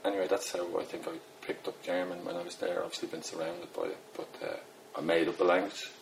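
A man's voice: low-pitched, fairly even intonation, fast, creaky, slight background noise, poor audio. A middle-aged Irish man with a Dublin accent, a poet chatting in a rambling, self-deprecating way with lots of fillers. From Ireland. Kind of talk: casual interview talk.

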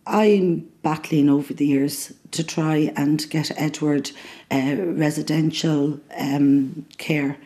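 An older Irish woman, a mother and carer, speaking earnestly in an interview, often pausing with fillers. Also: sits low, steady tone, dark tone. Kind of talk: emotional interview.

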